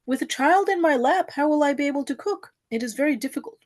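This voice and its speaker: A woman's voice: sits high, expressive, quick pace, pitched above the performer's own voice. Woman playing a fretful, coaxing young mother.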